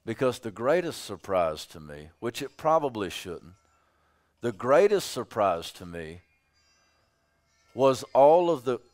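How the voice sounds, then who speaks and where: A man's voice: mid-range voice, big pitch swings, takes it slowly, long pauses, darkish tone. A man preaching a sermon as pastor, emphatic, often repeating his phrases for weight.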